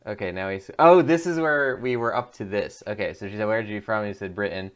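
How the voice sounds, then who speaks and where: Male streamer, casual game commentary, chatty and musing, lowish voice. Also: a little fast, smooth. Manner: chatty, laughing, musing aloud. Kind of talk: gameplay commentary.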